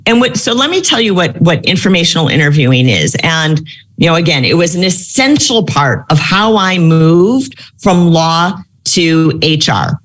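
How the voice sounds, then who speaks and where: A woman in her fifties speaks in a fairly low voice that rises and falls a great deal. She coaches a live audience on careers, telling stories and rephrasing as she goes. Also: moderate pace. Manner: storytelling, animated with many fillers. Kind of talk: live Q&A talk.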